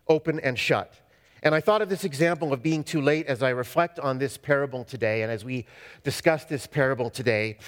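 Man preaching in a reverberant hall. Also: on the high side. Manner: storytelling with pauses and asides. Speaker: pastor. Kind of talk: sermon.

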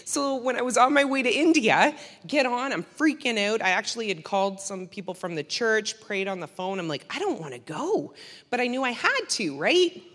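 A woman's voice: fairly high pitch, expressive, normal speed, fairly bright tone. A woman sharing a casual testimony with a church group, chatty, with frequent laughs and fillers. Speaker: church member giving a mission trip testimony. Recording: long hall reverb.

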